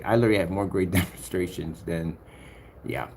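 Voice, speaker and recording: A low, expressive voice with vocal fry and a darkish tone moves a little fast over a slight hiss or hum. The man, a projector screen paint maker, scrolls his own demos in a rambling vlog, boasting, humming between thoughts, and challenging rivals.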